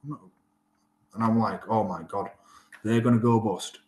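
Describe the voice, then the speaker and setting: In a casual interview with a roomy echo, a rugby player in his thirties from Yorkshire, England, relates his story at a normal pace. His voice is lowish, and he animatedly performs the dialogue of the people involved.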